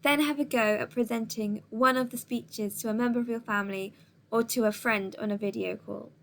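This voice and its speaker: A woman teacher recording a remote lesson, giving clear, patient step-by-step instructions with the odd "um" between them. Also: on the high side, steady tone, fairly quick, a bit bright, a little hiss or hum.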